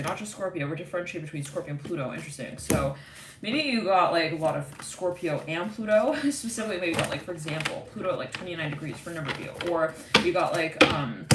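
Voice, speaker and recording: A woman with a slightly low voice gives a live tarot reading, chatty and intuitive, with lots of fillers. She sits back from the mic in an echoey room. A loud hiss of noise runs underneath. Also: distant mic. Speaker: tarot reader.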